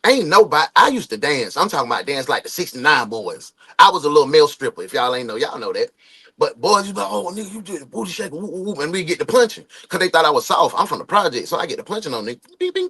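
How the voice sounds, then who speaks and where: A man in his forties chats loosely on a livestream, mixing street slang with motivational pep talk. His voice sits a bit high and swings widely up and down as he calls out to viewers. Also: big pitch swings, quick pace, bright, forceful tone, slightly rough. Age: 40s. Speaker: livestream host. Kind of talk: casual livestream chat, greeting viewers.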